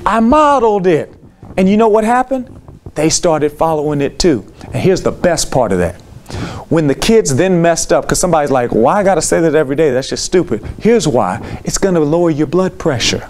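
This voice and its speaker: A man giving a lively talk to teachers, telling classroom stories and leading call and response. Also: a little high, fairly quick, noisy background. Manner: lively storytelling with call and response, acts out students. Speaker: teacher speaking to educators.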